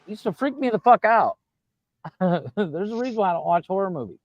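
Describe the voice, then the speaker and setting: A man's voice: sits high, animated, a little fast, dry recording, muffled recording. A man on a comedy podcast, giggling and swearing his way through stories. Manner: giggly, profane storytelling. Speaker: podcast co-host. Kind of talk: rowdy comedy podcast banter.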